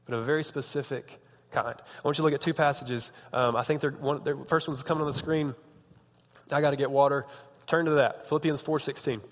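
A man's voice: mid-range voice, fairly even intonation, fairly quick. A man in his thirties giving a casual, joking sermon as a youth pastor, chatty and often breaking off mid-sentence. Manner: chatty, joking, self-interrupting. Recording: long reverb of a large hall.

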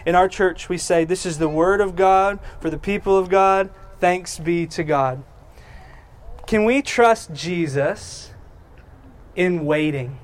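A man's voice: sits high, slow. A man preaching a sermon, telling the story in a folksy, conversational way and acting out the characters' lines in casual voices. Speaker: pastor.

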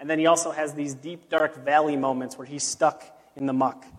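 A man, a pastor, preaching a sermon in a relaxed storytelling way with casual asides. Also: a little high, brisk. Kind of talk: conversational sermon. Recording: long reverb of a large hall.

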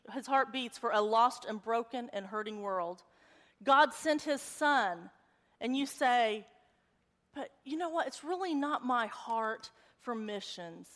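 High-voiced woman preaching in a reverberant hall. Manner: animated, storytelling, conversational preaching. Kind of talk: sermon. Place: church.

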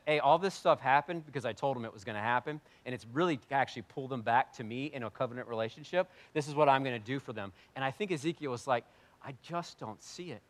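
A man preaching a sermon, animated and jokey, swinging between loud bursts and quiet asides. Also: medium pitch. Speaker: pastor.

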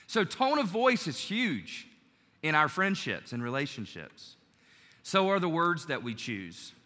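Bright-voiced male pastor in a reverberant hall. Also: fairly high pitch, sing-song, unhurried. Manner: conversational preaching, acts out quoted lines. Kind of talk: sermon.

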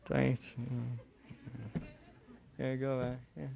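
A middle-aged man preaching a sermon, shifting from quiet asides to fervent shouting. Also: mid-range voice, takes it slowly, gravelly, long pauses, dull audio. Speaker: pastor.

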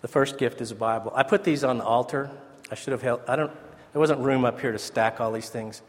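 A man's voice: medium pitch, fairly quick. A man giving a conversational, earnest ordination sermon as pastor in a church. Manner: conversational, earnest, with asides and restarts. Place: church sanctuary. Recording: church sanctuary with long reverb.

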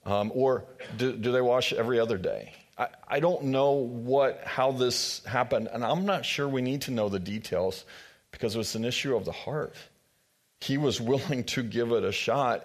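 Man casually retelling a Bible story. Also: on the low side. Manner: casual retelling with modern sports asides; thinking aloud, frank about not knowing. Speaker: preacher. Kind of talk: sermon storytelling.

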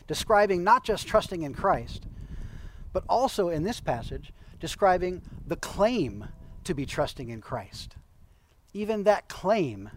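A man's voice: a little high, rough recording. Man preaching a conversational sermon. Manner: conversational, explanatory, with occasional light humor. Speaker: pastor.

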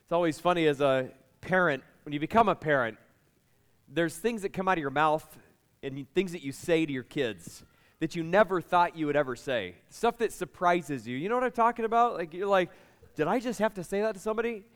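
A man preaching a sermon, a pastor telling lively stories and talking with his congregation. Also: on the high side, fairly quick, smooth, long reverb tail. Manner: lively, chatty storytelling with the congregation.

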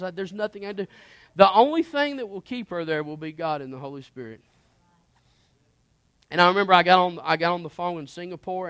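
A man preaches his own testimony with a slightly high voice. He is earnest and impassioned, sliding from hushed confession to emphatic urgency. The sound is dry and close, with no room echo. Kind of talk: personal testimony sermon.

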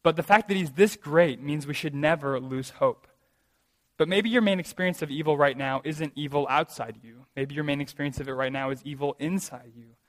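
A man's voice: fairly high pitch, brisk, in a large hall. A man preaching a sermon as pastor, earnest and emphatic, asking his listeners rhetorical questions.

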